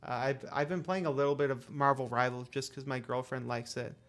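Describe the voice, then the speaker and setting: A man's voice: mid-range voice, fairly even intonation, a little fast, fairly bright tone. A young adult man chatting casually while streaming a game; he rambles, leans on fillers, and is self-deprecating. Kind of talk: casual gameplay commentary.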